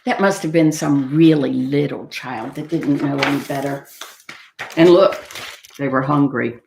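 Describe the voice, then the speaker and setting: A woman reading picture books aloud to children at a library storytime, animated and expressive. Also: very deep voice, measured pace, gravelly, slight background noise. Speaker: storytime reader. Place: library room. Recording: echoey room.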